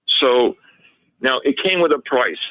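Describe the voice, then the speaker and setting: A man's voice: medium pitch, lively intonation, unhurried, no room sound, narrow, tinny audio. A man talking as a radio show guest, telling a long story in a rambling way and often quoting what others told him. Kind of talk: casual interview storytelling.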